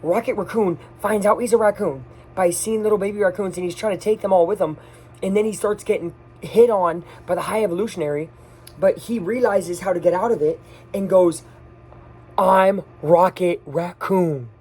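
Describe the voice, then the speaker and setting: A person reviews a movie straight off the top of their head, with a middling pitch. They gush excitedly and speak in quick bursts. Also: slight background noise. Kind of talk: casual off-the-cuff movie review.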